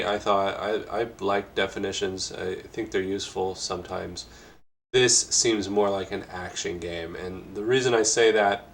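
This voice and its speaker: A man with a fairly low but fairly bright voice co-hosts a podcast, casually discussing games. He rambles hesitantly, full of fillers and restarts.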